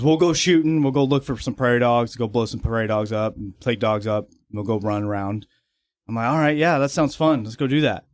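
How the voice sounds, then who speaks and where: A young man, a podcast guest, telling casual stories, swearing freely and laughing as he talks. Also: medium pitch. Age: young adult. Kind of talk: casual storytelling.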